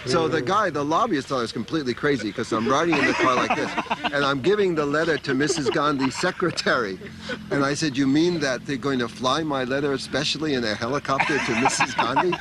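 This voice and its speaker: An older American man telling a personal story to a group in a casual, animated way, laughing often and acting out the people he quotes. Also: medium pitch, a little fast, over a noisy crowd. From United States. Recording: noisy room ambience.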